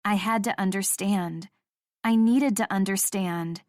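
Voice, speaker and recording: A woman narrating a first-person romance audiobook in a measured, emotional reading. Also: medium pitch, darkish tone, no echo, studio quality.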